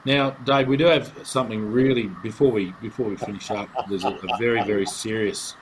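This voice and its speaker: A man's voice: on the low side, steady tone, a little fast, noisy background. A man co-hosting a casual podcast, teasing his guest in a mock-serious way. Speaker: podcast co-host.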